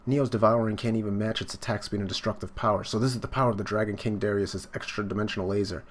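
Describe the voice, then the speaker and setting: A man voicing a proud, furious female demon warrior with shrill, indignant outbursts. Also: fairly even intonation, fast talker, a little hiss or hum, natural voice.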